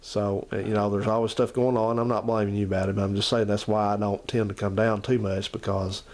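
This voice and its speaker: A man's voice: fairly low pitch, flat delivery, a little fast, darkish tone. A man, chatting casually to the camera and his uncle in a rambling, repetitive way. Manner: rambling, repeats himself, talks to his uncle and the viewers. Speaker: channel host.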